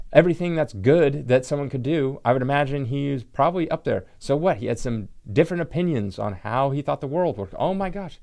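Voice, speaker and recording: Man, vlog host, indignant rambling rant, lots of "like", raspy gravel in the voice, average pitch. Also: darkish tone. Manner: indignant, rambling, heavy use of "like". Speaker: channel host, comic book collector. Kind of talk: casual opinion rant to camera.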